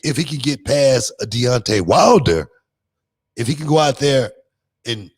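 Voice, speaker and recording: Male podcast host, casual, rambling delivery full of fillers, mid-pitched voice, gets animated telling stories. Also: unhurried, breathy edge. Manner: loose, filler-heavy, drawling delivery. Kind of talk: casual chat and storytelling.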